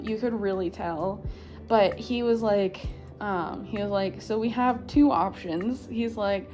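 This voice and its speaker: A young woman talks casually into her camera while sitting on her living room floor. She rambles animatedly, laughs often and leans on filler words. Faint music sits under her voice. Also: mid-range voice. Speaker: vlogger.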